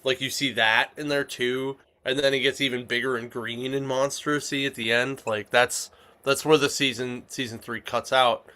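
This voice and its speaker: A man's voice: medium pitch, steady tone, moderate pace, sharp tone. A man hosting a casual comic shop podcast, rambling with lots of fillers and restarts. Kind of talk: casual chat.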